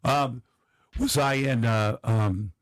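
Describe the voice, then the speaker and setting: A man's voice: medium pitch, slow pace, no room sound. A middle-aged man, a comedian and actor, telling self-deprecating stories as a guest on a talk show. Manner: self-deprecating, animated storyteller. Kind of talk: casual anecdotal storytelling.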